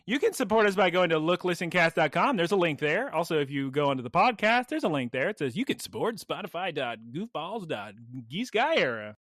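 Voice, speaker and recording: A man hosting a podcast in casual chat, excitable and gushing. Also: a little high, fairly quick, few pauses, no echo, clean studio sound. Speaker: podcast host.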